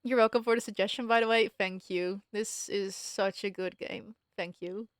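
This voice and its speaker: A young woman streaming a story game, chatting and reacting out loud, often breaking off mid-sentence. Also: mid-range voice, fairly even intonation, moderate pace, clean tone, no echo, studio quality. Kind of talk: live-stream game commentary.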